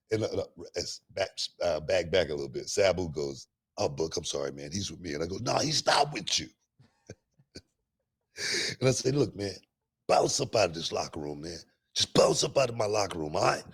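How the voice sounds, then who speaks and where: A middle-aged man co-hosting a podcast, telling stories in a loud, animated way with lots of slang and laughter. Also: low-pitched, breathy edge. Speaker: podcast co-host. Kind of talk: casual storytelling chat.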